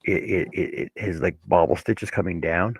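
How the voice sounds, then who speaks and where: Low gravelly guy chatting casually, keeps repeating words as he explains, dry close sound. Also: normal speed, no room sound. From Canada. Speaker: livestream co-host. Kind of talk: casual chat.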